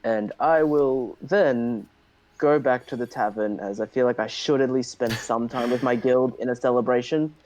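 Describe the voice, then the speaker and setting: A man's voice: mid-range voice, fairly even intonation, normal speed, darkish tone, slight background noise, low-quality recording. A man playing a tabletop role-playing game, talking casually with many fillers and a playful, hesitant manner. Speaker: player.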